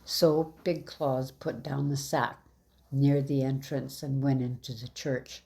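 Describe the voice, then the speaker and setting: Woman storyteller, low voice, reading a fairy tale aloud, measured and even. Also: gravelly.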